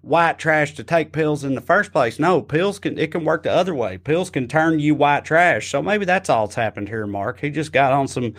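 A man's voice: fairly high pitch, lively intonation, moderate pace, few pauses, a bit bright. A man co-hosting a podcast, chatting casually in a wry, profane, joking way. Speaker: podcast co-host. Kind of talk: casual chat.

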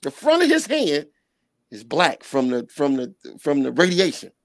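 A middle-aged man telling a personal story on a podcast in animated street slang, sometimes scatting sound effects. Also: on the high side, moderate pace, no room sound. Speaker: podcast guest. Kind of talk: casual storytelling.

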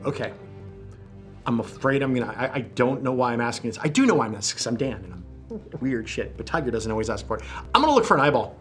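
A man's voice: medium pitch, expressive, quick pace, fairly bright tone, soft background music. A man playing a tabletop game, joking and bantering playfully with the table. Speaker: player. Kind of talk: casual tabletop play.

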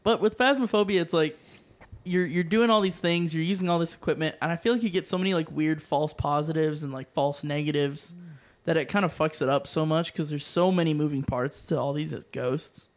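A young man with a fairly high voice rambles through a casual podcast chat. He talks in loose, winding sentences as he works out his point. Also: a little fast. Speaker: podcast co-host.

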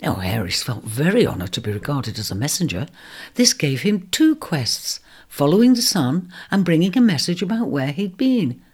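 Animated storybook narrator. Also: mid-range voice, moderate pace, husky. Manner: expressive, animated reading.

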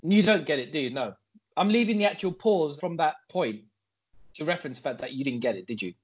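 Husky-voiced man bantering on a podcast. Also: on the high side, lively intonation, fairly quick, lo-fi sound. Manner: teasing, rambling, playfully self-important. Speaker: podcast co-host. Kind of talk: casual comedic banter.

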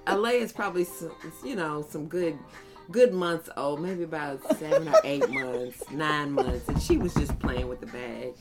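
A woman telling funny family stories on a podcast, acting out her toddlers in high little voices. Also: a little slow, music in the background. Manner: animated storyteller, acts out toddlers in high voices. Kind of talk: casual chat.

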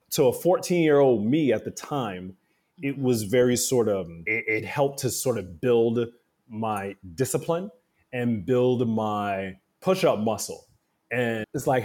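A man talking in a casual interview, an animated storyteller who acts out the voices he quotes. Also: mid-range voice, measured pace. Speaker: guest.

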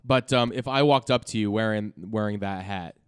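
A man's voice: fairly low pitch, normal speed, smooth, no room sound, studio quality. A man co-hosting a casual podcast, rambling and self-mocking as he jokes with his co-host. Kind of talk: casual chat.

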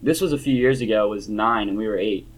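A young man from northern Kentucky hosting a podcast, telling stories in an animated way, swearing and talking over his guests. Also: on the low side, fast, poor audio. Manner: animated storyteller, swears, talks over others. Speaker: podcast host. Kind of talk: casual chat.

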